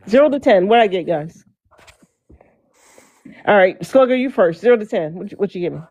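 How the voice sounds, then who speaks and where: A woman's voice: medium pitch, brisk, pauses often, no echo. A woman chatting playfully on a livestream panel. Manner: playful, animated. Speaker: panel host guest. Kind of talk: casual chat.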